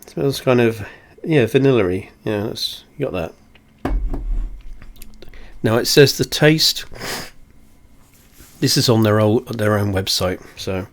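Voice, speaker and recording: A man's voice: fairly low pitch, moderate pace. A man reviewing whiskey in a casual, rambling chat, self-deprecating and swearing offhandedly, sitting close to his camera at home. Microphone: camera very close to face.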